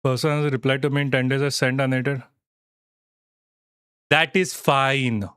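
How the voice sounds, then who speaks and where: A man's voice: mid-range voice, flat delivery, a little slow, fairly bright tone, smooth, no echo, studio quality. A man hosting a casual live stream, talking in a rambling, reassuring way and swearing now and then. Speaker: livestream host.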